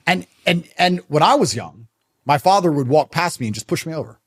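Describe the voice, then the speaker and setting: A man talking as a podcast guest, blunt and insistent. His pitch sits a little high and swings widely as he presses each point. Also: lively intonation, fairly quick. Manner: blunt, emphatic and stubborn in tone. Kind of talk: casual podcast conversation.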